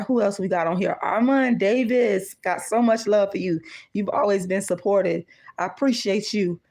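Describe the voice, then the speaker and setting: A woman's voice: mid-range voice, darkish tone. Middle-aged woman, livestream host; blunt, profane, repetitive, mid-range voice.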